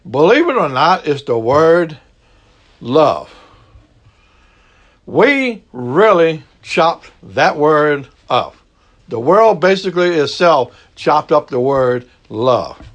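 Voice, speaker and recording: A middle-aged man with a Southern Cajun accent, preaching a sermon in a slow, folksy way and stretching out his key words. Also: on the high side. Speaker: pastor.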